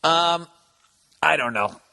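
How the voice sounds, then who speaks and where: A man's voice: a little high, lively intonation, slow pace, creaky, sharp tone, in a large hall. A man hosting a podcast, telling a comic story in a rambling, profanity-heavy monologue. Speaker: podcast host.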